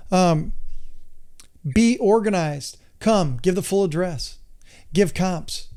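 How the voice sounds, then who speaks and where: A man's voice: high voice, warm tone, clean tone. Emphatic, exasperated man lecturing. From United States. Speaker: real estate investor and hard money lender. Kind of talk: instructional monologue.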